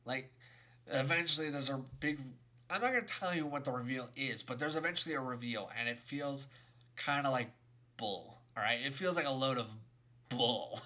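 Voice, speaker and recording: A man's voice: medium pitch, sharp tone. A young adult man giving an exasperated, sarcastic, emphatic rant in a video game review.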